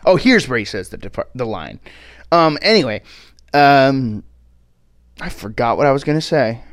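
A man's voice: mid-range voice, very animated, moderate pace, dry recording, studio quality. A man giving a casual movie commentary who chats loosely, laughs often and swears offhandedly. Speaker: podcast host doing a movie commentary track.

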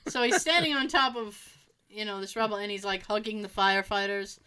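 A woman's voice: mid-range voice, brisk, smooth. A woman co-hosting a casual chat, swearing freely and laughing as she tells stories. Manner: animated, profane storyteller who laughs often. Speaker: podcast co-host.

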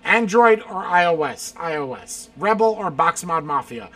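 Man, casual rapid-fire Q&A, high and very animated voice, blunt and profane. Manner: quick answers, swearing, bursts of shouting and laughter. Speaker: streamer answering rapid-fire questions. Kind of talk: casual chat, lightning round.

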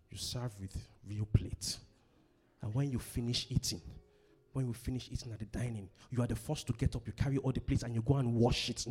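Medium-pitched, husky, and a little mellow, a middle-aged pastor from Africa preaches about relationships. He repeats key phrases and asks questions that the congregation answers.

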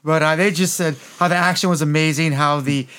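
Man, slightly high voice, excitable co-host, laughs and swears. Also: a little fast, smooth. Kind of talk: casual movie review chat.

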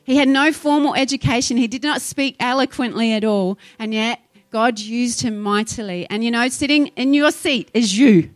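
A woman's voice: a little high, moderate pace, no room sound. A woman preaching a sermon, fervent and exhorting, rising into urgent appeals to her congregation.

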